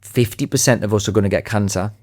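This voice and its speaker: A man's voice: on the low side, quick pace, a little mellow, no room sound, studio quality. A man speaking as a podcast guest, confident and emphatic in easy conversation. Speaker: podcast guest, sales trainer. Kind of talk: podcast interview.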